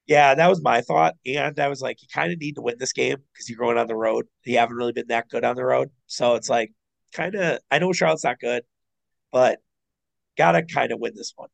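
A man co-hosting a podcast, chatting casually about basketball, excitable and quick to swear. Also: gravelly, poor audio. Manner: excitable, swears, jumps in with rising pitch. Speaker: podcast co-host. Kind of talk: casual sports chat.

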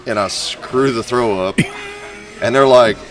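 A man, a guest singer-songwriter, telling a lively anecdote in casual chat, laughing often and acting out other people's voices. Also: mid-range voice, a little slow, faint music behind. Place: bar venue with a crowd. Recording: bar crowd noise behind. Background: bar crowd chatter.

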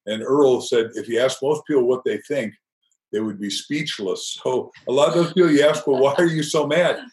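Guy on a podcast, mid-pitched voice, emphatic and opinionated, goes off on tangents. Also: moderate pace, darkish tone, low-quality recording. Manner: emphatic, opinionated, rambling asides. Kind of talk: conversational podcast talk.

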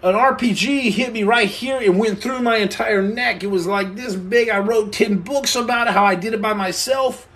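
A young man hosting a livestream from a room at home, answering viewer comments with boastful deadpan jokes and tall tales. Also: high voice, normal speed, hardly any pauses. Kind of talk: joking livestream chat.

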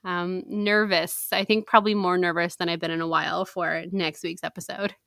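Female podcast co-host, casual and chatty, slightly low, bright tone. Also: level tone, moderate pace, creaky, no room sound, clean studio sound. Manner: chatty, hedging with many fillers. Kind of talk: casual chat.

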